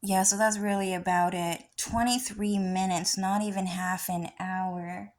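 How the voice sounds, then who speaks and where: A woman's voice: medium pitch, fairly even intonation, measured pace. A woman vlogger talking in a rambling, casual monologue, often swearing.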